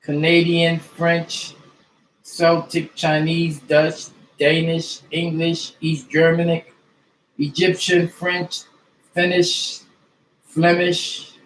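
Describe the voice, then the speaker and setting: Male reader, slightly high voice, flat delivery, recorded in an echoey room. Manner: slow, deliberate list reading. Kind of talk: reading a list of dictionary terms aloud.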